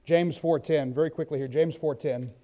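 A man preaching in a church, his voice set a little high for a man but mellow and warm in tone. He mixes loose, rambling personal stories with steady readings of scripture. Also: normal speed. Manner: conversational storytelling, reads scripture aloud. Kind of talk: sermon.

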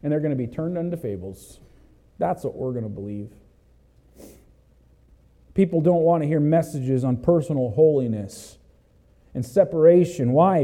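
A male pastor preaching a sermon emphatically, swinging between loud exhortation and hushed asides, and calling out "Amen?" to the congregation. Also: on the high side.

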